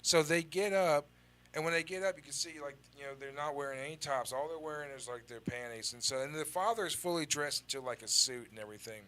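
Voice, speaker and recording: A man's voice: fairly high pitch, fast. A man telling a long story in casual, swearing talk, acting out the lines of the people in it. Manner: animated, acts out quoted dialogue.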